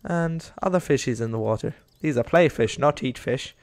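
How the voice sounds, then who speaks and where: Gravelly young man rambling over gameplay. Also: mid-range voice, moderate pace, no echo, studio quality. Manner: rambling, talks to the game animals, easily exasperated. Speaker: gaming YouTuber. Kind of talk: casual gameplay commentary.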